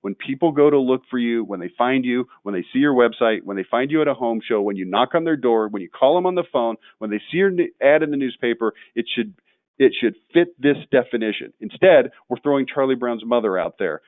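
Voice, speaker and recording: A man's voice: medium pitch, expressive, brisk, no room sound. Guy ranting thru a marketing webinar, blunt, fired up, sounds like a tinny phone line, dry. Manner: blunt, gets worked up and ranting. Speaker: webinar presenter.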